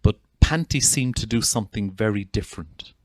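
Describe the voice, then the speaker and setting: Here an Irish psychotherapist, his voice on the low side and his pace normal, introduces a video with an informal, heartfelt talk to an audience. His earnest delivery includes frequent restarts, captured in a dry recording.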